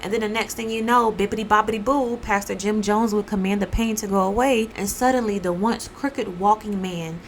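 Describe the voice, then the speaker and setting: Woman host, casual animated storytelling, playful character voices, faint background noise. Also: medium pitch, brisk, few pauses, poor audio. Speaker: podcast host.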